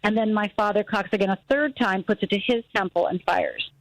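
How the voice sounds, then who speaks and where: A middle-aged woman from Upper Michigan, a guest on a radio talk show, telling a personal story in an animated way, acting out voices and laughing easily. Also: medium pitch, a little fast, dry recording, low-quality recording. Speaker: guest, fear expert.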